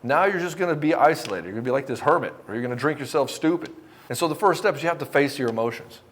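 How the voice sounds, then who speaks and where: A middle-aged man delivers a rapid-fire motivational talk to divorced men, his voice sitting slightly high for a man. He swears bluntly and speaks with raw conviction, sometimes acting out both sides of a conversation. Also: animated. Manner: blunt, profane, passionate, acts out both sides of dialogues. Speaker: dating and divorce coach. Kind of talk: direct-to-camera motivational talk.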